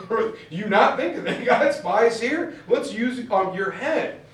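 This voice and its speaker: A man's voice: high-pitched, animated, a little slow, pitched above the performer's own voice. A man voicing a blunt, impatient male army general who scolds in a raised, emphatic voice. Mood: cocky. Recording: very echoey room, far from mic.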